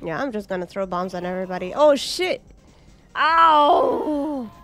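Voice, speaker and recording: A woman giving excited, chatty commentary while playing an arcade game, with squeals and laughs. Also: lowish voice, quick pace, soft background music. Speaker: gaming streamer.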